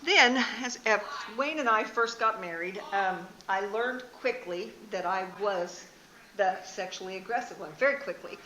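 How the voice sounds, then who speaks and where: A woman's voice: medium pitch, animated, a little slow, pushed and bright. A woman in her sixties giving a frank, earnest marriage seminar talk in a church hall, telling personal stories and laughing at herself.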